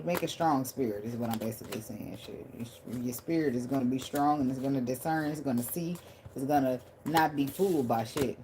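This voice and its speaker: A woman's voice: sits low, noisy background. A woman giving a casual tarot reading in a blunt, profane, conversational way. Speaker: tarot reader.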